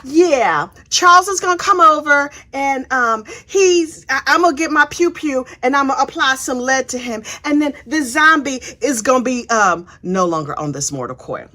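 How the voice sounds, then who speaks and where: A woman's voice: high voice, expressive, normal speed, hardly any pauses, bright, forceful tone. A woman voicing an adult man who talks in a brash, slangy, offhand way. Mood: cocky. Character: brash adult man boasting about shooting.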